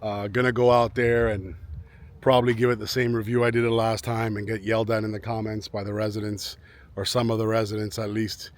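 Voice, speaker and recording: Speaking fairly quickly in a fairly low voice with little pitch movement, a vlogger chats to camera outdoors among houses. He rambles and often repeats himself when restarting sentences.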